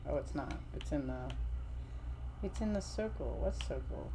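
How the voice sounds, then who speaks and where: A middle-aged woman with a low voice chats casually while she plays a game on stream. She rambles and restarts her sentences, with a faint hiss behind her. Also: animated, normal speed. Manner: rambling, chatty, full of fillers and restarts. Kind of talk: casual chat while gaming.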